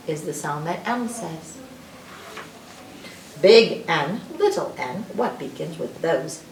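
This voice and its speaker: A woman reading an alphabet picture book aloud to children, with drawn-out letter sounds. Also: on the low side, expressive, reverberant, far from the mic, slight background noise, low-quality recording. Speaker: librarian storyteller.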